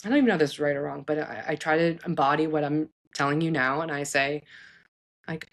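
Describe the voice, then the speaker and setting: A woman psychologist hosting a show, giving casual advice to parents in an earnest, animated way, often restarting her sentences. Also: low voice, quick pace. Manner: earnest, animated, frequent restarts and self-corrections.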